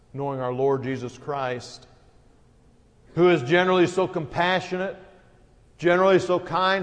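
Male pastor, higher voice, earnest sermon delivery with emphatic peaks, reverberant hall.

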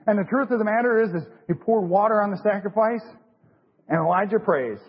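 A man's voice: sits high, brisk, slightly rough. A middle-aged man preaching an informal church sermon, folksy and repetitive, with many fillers and restarts. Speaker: lay preacher. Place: church sanctuary. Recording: dull lo-fi recording in a big reverberant hall.

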